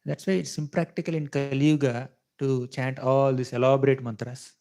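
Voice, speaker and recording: A man's voice: mid-range voice, little pitch movement, a little fast, gravelly, mellow. A man giving a devotional scripture talk to a live audience, teaching in a conversational way, often checking "right?" and chuckling as he explains. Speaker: temple speaker teaching scripture. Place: temple hall with audience.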